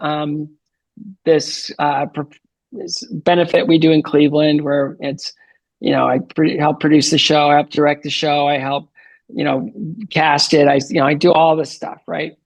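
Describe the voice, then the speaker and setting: Male podcast guest, 50s, earnest storyteller, gravelly, dry close mic. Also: fairly high pitch, no echo. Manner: earnest, animated retelling with frequent fillers. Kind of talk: storytelling interview answer.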